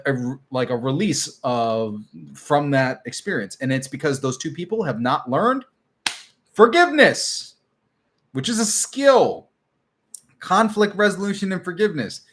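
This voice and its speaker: A man hosting a casual live stream as a relationship coach, talking emphatically and sometimes dropping to a soft, tender tone. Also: mid-range voice. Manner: animated and emphatic, drops to a soft tender tone when acting out a partner.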